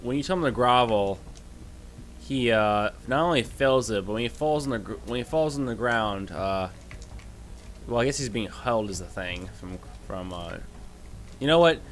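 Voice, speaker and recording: A man's voice: mid-range voice, animated, moderate pace. A man narrating as game master of a livestreamed tabletop game, improvising loosely and correcting himself as he goes.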